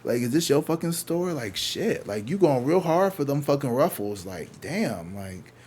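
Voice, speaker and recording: A man's voice: mid-range voice, normal speed, slightly rough. A man with a St. Louis accent tells a casual story and swears freely. His voice sits in a middle register, and he jumps into other people's voices to act out their lines. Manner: profane, animated, acts out other people's lines. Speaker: tarot reader telling a story.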